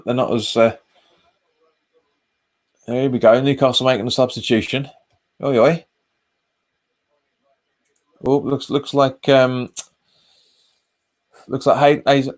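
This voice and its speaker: A man at a middling pitch talks casually through a live football watch-along. He reads out viewer comments and answers them, often saying the same phrase twice. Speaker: fan channel host.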